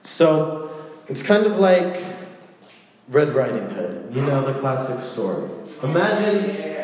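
A man delivers a relaxed, joking sermon full of storytelling asides. His voice sits mid-pitch. It rings out with a long, roomy hall reverb. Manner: playful, storytelling, animated asides. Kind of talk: casual sermon.

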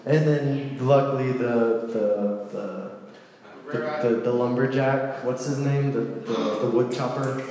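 A man giving a casual, playful sermon, telling a story with lively asides. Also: medium pitch, takes it slowly, crowd noise. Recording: echoey hall with long reverb.

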